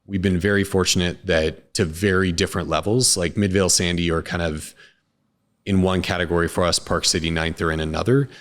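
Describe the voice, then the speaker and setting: A man, a restaurant co-founder, talking casually in an interview, relaxed and rambling with many restarts. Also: sits low, a little fast.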